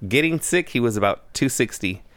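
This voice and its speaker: A man telling a long family story in casual conversation, animated and acting out the dialogue he quotes. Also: medium pitch, brisk, no room sound.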